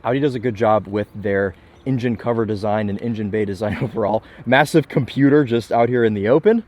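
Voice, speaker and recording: A man's voice: lowish voice, brisk, a little mellow. A young man from Michigan giving casual, enthusiastic car walkaround commentary with chatty, self-deprecating asides. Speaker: car reviewer.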